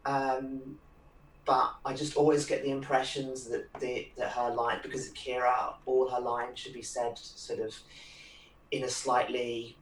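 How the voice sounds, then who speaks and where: A man's voice: mid-range voice, flat delivery, measured pace. Rambling man in an echoey room. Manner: rambling, many fillers, enthusiastic. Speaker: panelist. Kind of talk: casual discussion. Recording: roomy sound from a distant mic, faint noise.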